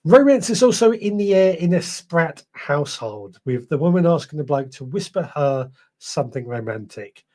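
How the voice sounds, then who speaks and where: Reading out viewer comments during a podcast live stream, this man rambles chattily, corrects himself, and seems a bit tired. He has a fairly high pitch with big swings, a darkish tone, and a moderate pace.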